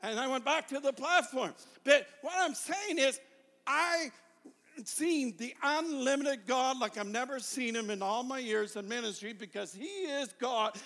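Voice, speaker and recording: A middle-aged man preaching a sermon as a travelling evangelist, swinging from shouted fervor to quiet confiding asides. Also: extremely high pitch, measured pace. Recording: long hall reverb.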